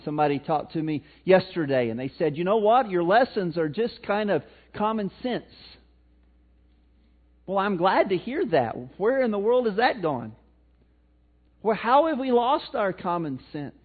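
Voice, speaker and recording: A man with a Missouri accent preaching a sermon in a folksy way, swinging between loud emphatic lines and low, quiet ones. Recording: tinny phone-like sound, mic cutting out.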